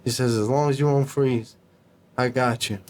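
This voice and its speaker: A man with an ordinary mid-range pitch tells an anecdote as a podcast guest, speaking at a moderate pace. He's animated and swears freely, acting out the dialogue by slipping into the voices of the people he quotes in this casual storytelling.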